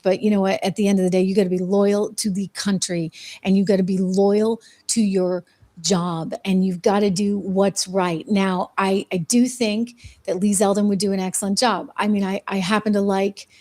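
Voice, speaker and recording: A woman's voice: medium pitch, flat delivery, normal speed, dark tone. Middle-aged female news host, opinionated and conversational, full of fillers. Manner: chatty, opinionated, frequent fillers and restarts.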